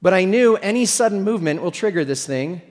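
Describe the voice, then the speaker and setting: A man's voice: sits high, lively intonation, a little fast. A middle-aged man preaching a sermon as pastor, telling stories in a conversational, humorous way. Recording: long hall reverb.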